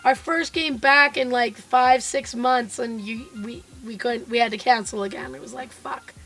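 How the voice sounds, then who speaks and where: High-voiced hoarse woman chatting on stream. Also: normal speed, a bit bright, faint music behind. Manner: chatty and upbeat, greeting viewers by name. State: hoarse, froggy voice from being sick. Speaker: quilt designer and live streamer. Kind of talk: casual live-stream chat. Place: home basement studio.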